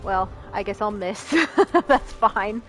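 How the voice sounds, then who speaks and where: A woman's voice: medium pitch, lively intonation, takes it slowly, music in the background. A woman streaming a video game, chatting casually, laughing often and reading lines aloud. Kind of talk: casual gameplay commentary.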